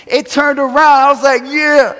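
A man preaching a sermon, telling stories with animated acted-out quotes and chuckles, from a church sanctuary. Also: sits high, moderate pace. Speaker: pastor. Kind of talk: sermon storytelling. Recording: long hall reverb.

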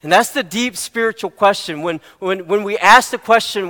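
A man's voice: high-pitched, moderate pace, few pauses, pushed and bright, big-room sound. A middle-aged man preaching a sermon, earnest and fond of repeating his questions for emphasis. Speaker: pastor.

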